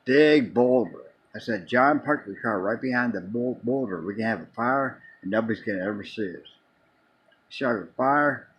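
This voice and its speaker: A man's voice: mid-range voice, expressive, normal speed, fairly bright tone, breathy edge, low-quality recording. A man casually telling a long personal story in a rambling way, restarting and repeating words as he goes. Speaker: vlogger.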